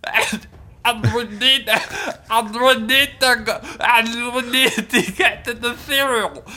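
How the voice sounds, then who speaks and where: A man's voice: very high voice, slow pace, bright, forceful tone, voice pushed up, full character voice. A man voicing a panicky, nervous husband in improvised comedy role-play, stammering and rambling. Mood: panicked. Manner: stammering, rambling, restarts every phrase. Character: panicky nervous husband hiding at a grocery store.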